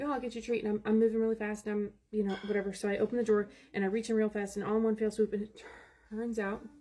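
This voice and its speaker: A woman's voice: medium pitch, dark tone, a little hiss or hum. A woman vlogging about her day, rambling and exasperated, with many restarts. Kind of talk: casual storytelling vlog.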